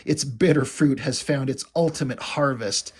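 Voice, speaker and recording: A man's voice: medium pitch, moderate pace, husky, lightly acted. Guy reading a flowery villain dude from a comic, plain middle voice. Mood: menacing. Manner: formal, flowery speech read aloud. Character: grandiloquent male masked villain assassin. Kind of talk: reading comic dialogue aloud.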